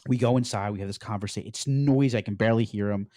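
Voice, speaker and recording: A middle-aged man from the United States, a podcast guest recounting his story in an animated way and often saying "like". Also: on the low side, rapid-fire, no room sound, clean studio sound. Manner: animated storyteller, peppers speech with "like". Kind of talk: storytelling interview.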